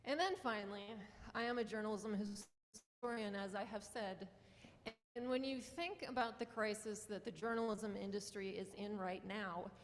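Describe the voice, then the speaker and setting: At a conference in a large lecture hall with slight background noise, a Western North Dakota journalism professor and newspaper publisher speaks in a steady, mid-range voice at normal speed. Her North Dakota accent accompanies an earnest, passionate delivery with small laughs.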